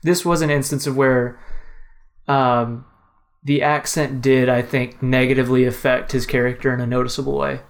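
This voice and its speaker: A man's voice: medium pitch, flat delivery, moderate pace, vocal fry. A man co-hosting a casual film review podcast, talking enthusiastically with lots of restarts. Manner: enthusiastic, rambling with restarts and fillers.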